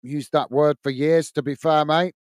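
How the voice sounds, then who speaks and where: A man's voice: a little high, steady tone, normal speed, clear, resonant tone, dry recording. Chatty Northern English man commentating. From north of England. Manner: chatty, blunt, laughs easily, says mate a lot. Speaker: football watch-along host. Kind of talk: match commentary and reading out viewer chat.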